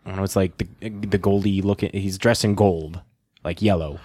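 Very deep-voiced man in casual chat. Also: steady tone, normal speed, a little mellow, breathy edge, no echo, studio quality. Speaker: podcast co-host.

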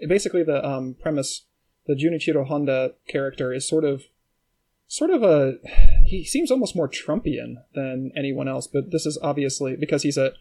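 A man's voice: medium pitch, moderate pace, warm tone. A man co-hosting a comedy podcast, rambling and profane with lots of fillers in casual banter. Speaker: podcast co-host.

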